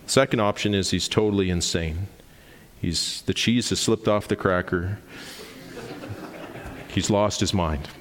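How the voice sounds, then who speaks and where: A man's voice: deep voice, a little slow, long pauses, in a large hall, slight background noise. A man in his forties preaching a sermon, emphatic and explanatory, posing rhetorical questions to the congregation. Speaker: pastor.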